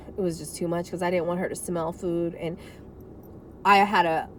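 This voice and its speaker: A woman with a fairly low voice and fairly even intonation tells her caregiving story at a moderate pace from inside a car. This vlogger is frank and emotional, rambling through an unscripted talk with many asides, over a little hiss or hum.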